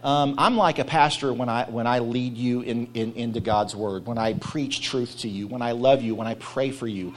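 A man's voice: mid-range voice, moderate pace, hardly any pauses. A man preaching a sermon as pastor, casual and rambling, with a self-deprecating humor and now and then mock voices.

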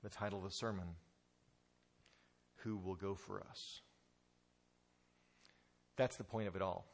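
A man's voice: sits low, steady tone, unhurried, creaky. A male pastor preaching a sermon in an emphatic way, often repeating words as he restarts.

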